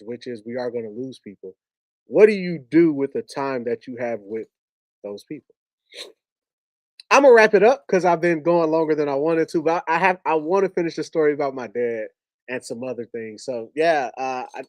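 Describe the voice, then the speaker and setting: A man's voice: on the high side, dry recording. A man sharing a heartfelt personal story with an audience, emotional and repetitive, often restarting his sentences. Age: adult with a wife and two young kids.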